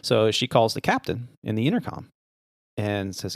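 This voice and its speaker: A man co-hosting a podcast, telling a long joke in a casual, animated way and voicing the people in it. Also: fairly low pitch, normal speed, dry recording, clean studio sound. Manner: animated joke-teller, voices the characters. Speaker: podcast co-host. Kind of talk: casual storytelling chat.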